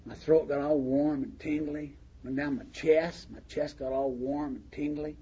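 This older man's voice is fairly high, husky and dark, with little pitch movement and a slightly slow pace. He recounts a funny tale of his own in a folksy style at a recovery meeting in a meeting hall, laughing along with himself. Faint hiss runs through the dull, lo-fi audio.

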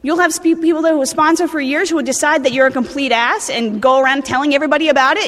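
A woman's voice: high-pitched, a bit bright, long reverb tail. A woman in her thirties with a New Jersey accent, speaking bluntly and animatedly at a recovery meeting, swearing and restarting her sentences. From New Jersey, USA. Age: 30s.

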